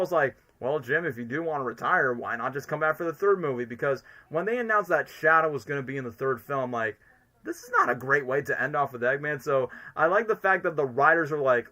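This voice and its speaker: A man's voice: mid-range voice, animated, quick pace, sharp tone. A man streaming casual fan commentary, enthusiastic and rambling, filling his sentences with "literally" and "like".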